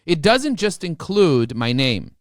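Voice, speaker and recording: A man talking as a podcast guest, emphatic and motivational, often repeating words as he rushes ahead. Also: a little high, dry recording, clean studio sound. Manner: repeats words when excited. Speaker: podcast guest, marketing expert. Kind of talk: energetic podcast interview.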